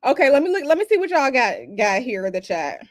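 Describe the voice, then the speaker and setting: A woman's voice: sits high, big pitch swings, quick pace, no room sound, clean studio sound. A woman hosting an astrology and tarot livestream, chatting casually and talking straight to her live chat.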